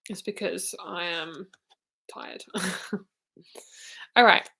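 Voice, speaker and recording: A woman's voice: lowish voice, steady tone, extremely slow, creaky, sharp tone, breathy edge. Chatty, tired woman reading tarot. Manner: chatty, laughing often, blunt. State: tired, yawning. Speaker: tarot reader. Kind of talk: live-stream tarot reading.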